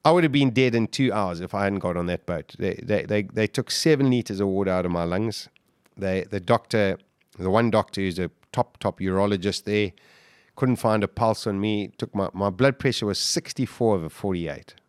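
A man being interviewed, retelling a dramatic story with great intensity and acting out shouts and quoted lines. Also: normal speed, clear, resonant tone, no room sound, clean studio sound. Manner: vivid, acts out shouts and quotes, voice jumps high when excited. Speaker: guest.

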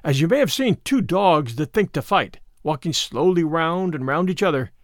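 Animated male storybook narrator. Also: on the high side, normal speed, no room sound, clean studio sound. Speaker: audiobook reader.

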